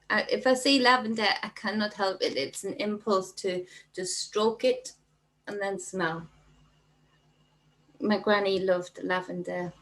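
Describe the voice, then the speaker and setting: A middle-aged woman with a Geordie accent talks slowly to her livestream audience, her voice carrying a gravelly fry. She chats with affection and laughs easily as she picks out viewers' names. She sounds like a spiritual coach speaking through a computer mic. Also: mid-range voice, poor audio. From North East England. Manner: chatty and affectionate, greets viewers by name, laughs often. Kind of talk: casual livestream chat, reading out viewer comments.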